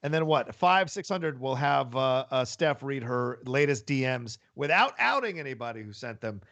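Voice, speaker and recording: A man hosting a live online chat show, loud and teasing as he eggs on his audience and co-hosts. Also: mid-range voice, animated, moderate pace, no echo, dull audio. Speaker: host. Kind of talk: casual chat on a live stream.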